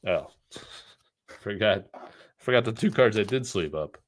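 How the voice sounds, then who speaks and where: A man's voice: fairly low pitch, expressive, a little slow. A middle-aged man from the United States hosting a casual live stream, joking, rambling and reading the chat aloud.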